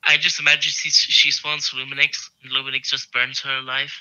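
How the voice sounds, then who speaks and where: A man playing a tabletop game on a live stream, excitable and quick to exclaim and swear. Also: mid-range voice, low-quality recording. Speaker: player.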